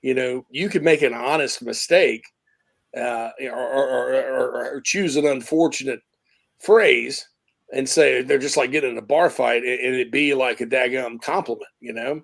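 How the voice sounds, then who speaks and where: Male sports host, gravelly voice, rambling, restarts often. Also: medium pitch, normal speed, fairly bright tone. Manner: rambling, self-correcting, thoughtful. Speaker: sports talk show host. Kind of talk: casual sports talk.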